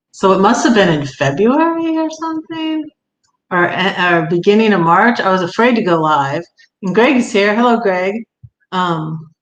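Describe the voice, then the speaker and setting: A woman's voice: on the low side, echoey room, low-quality recording. An older woman, chatting casually on a livestream, greeting viewers and laughing often. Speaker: livestream vlogger.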